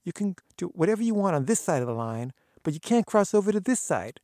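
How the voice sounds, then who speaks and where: A man's voice: on the high side, animated, fairly quick, a little mellow, no room sound, studio quality, voice pushed up. A man voicing a stern, irritated man who guards a private estate and lectures trespassers in a threatening way. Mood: stern, scolding.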